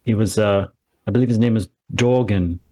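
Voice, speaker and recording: A man's voice: fairly low pitch, moderate pace, mellow, dry recording. A man playing in a tabletop game, easygoing and polite as he speaks for his character. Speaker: player. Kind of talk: tabletop role-play.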